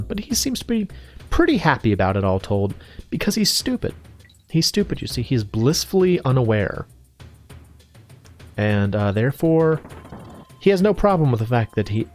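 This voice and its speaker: Man, let's play host, casual rambling commentary, lively swinging pitch, self-deprecating jokes, faint game music behind.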